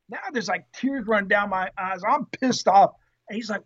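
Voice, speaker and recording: A former Marine telling an animated story in an interview, acting out the quotes with salty language. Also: male voice, high voice, unhurried, highs cut off. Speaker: guest, former Marine tank driver.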